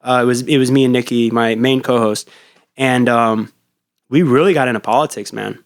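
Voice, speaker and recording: A man's voice: mid-range voice, steady tone, normal speed. A man hosting a podcast in a laid-back, rambling chat, swearing often. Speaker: podcast host. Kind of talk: casual chat.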